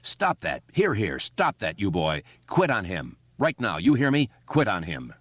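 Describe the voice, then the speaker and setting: A man's voice: lowish voice, huge pitch swings, measured pace, dry recording, full character voice. A man voicing a stern grown man who scolds and commands a boy to stop. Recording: dull lo-fi dry recording.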